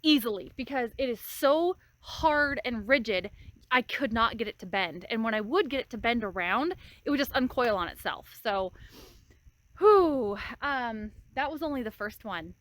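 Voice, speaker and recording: Farm lady venting outside, kinda breathless and fed up, voice sits a bit high. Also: expressive, moderate pace, a bit bright, no echo. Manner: exasperated, venting. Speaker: farm vlogger. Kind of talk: casual vlog chat. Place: outdoors on a farm.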